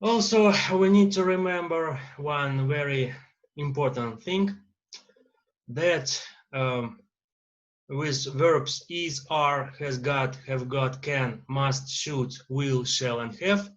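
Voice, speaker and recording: A man with a Russian accent teaching an English grammar lesson, pausing often with "uh" fillers. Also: fairly high pitch, dull audio. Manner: lecturing with many uh fillers and pauses.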